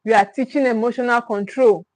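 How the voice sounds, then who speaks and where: A woman with a higher, fairly even voice teaches parenting on a livestream at a fairly quick clip. She stresses and repeats key phrases emphatically, speaking directly to viewers with check-ins, and the recording is rough.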